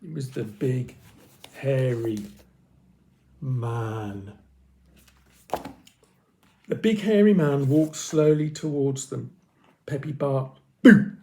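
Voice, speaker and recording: A man reading a children's story aloud with expressive, dramatic pauses. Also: medium pitch, slight background noise.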